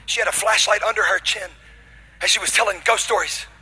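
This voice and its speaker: Man, preacher, sermon storytelling, loud punchlines then soft and hushed, high and sharp voice. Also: fairly quick, a little hiss or hum, poor audio. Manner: animated, shouting punchlines, then dropping to a hushed intimate tone. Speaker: pastor.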